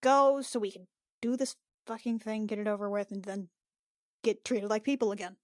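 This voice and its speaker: A woman's voice: mid-range voice, moderate pace, darkish tone, dry recording, studio quality. A woman playing a tabletop game in character, talking in a sardonic, grumbling way with frequent sighs. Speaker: player.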